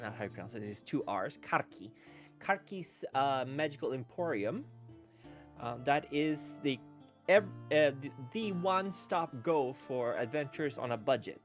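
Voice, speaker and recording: A game master from Sweden, narrating a tabletop game in a playful way with frequent laughs and hesitant fillers. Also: mid-range voice.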